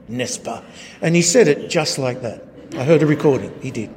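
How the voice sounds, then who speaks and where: A man's voice: a little high, animated, a little fast, darkish tone. A man teaching a sermon from slides, talking in a wry way with rhetorical tag questions. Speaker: Bible teacher. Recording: echoey hall.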